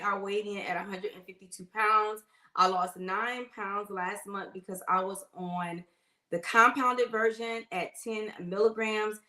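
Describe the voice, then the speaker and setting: A woman's voice: mid-range voice, reverberant. A middle-aged woman, a nurse chatting casually on a phone livestream and greeting viewers by name. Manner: chatty, warm greetings, uses y'all.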